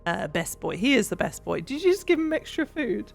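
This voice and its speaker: Soft music plays behind a young Englishwoman who streams while cleaning, talking in a mid-range voice with vocal fry. She's brisk and very animated, bubbly and giggly, rambling along with plenty of fillers.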